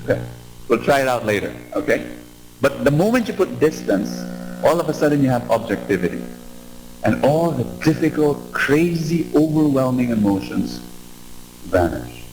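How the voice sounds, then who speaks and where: A man preaching a sermon in a large church, animated and drawing the audience in with questions. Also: mid-range voice, normal speed, noisy background. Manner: animated, asks audience to respond. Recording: echoey hall with music behind.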